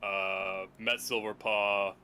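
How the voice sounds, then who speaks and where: A man playing a tabletop role-play game, brisk and to the point, with hesitant fillers as he sums things up. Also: lowish voice, level tone, sharp tone, a little hiss or hum.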